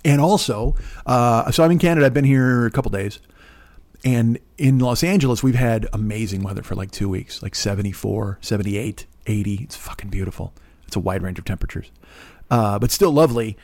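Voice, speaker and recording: A man's voice: fairly low pitch, a little fast. Profane, rambling fifties podcast man. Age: 50s. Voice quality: smooth voice. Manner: profane, animated storytelling with sarcastic asides. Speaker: podcast host. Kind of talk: casual rambling monologue.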